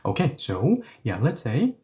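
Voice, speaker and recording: A man teaching a language lesson, explaining step by step with frequent okays and yeahs and reading example sentences slowly for learners. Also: mid-range voice, wildly swooping pitch, warm tone.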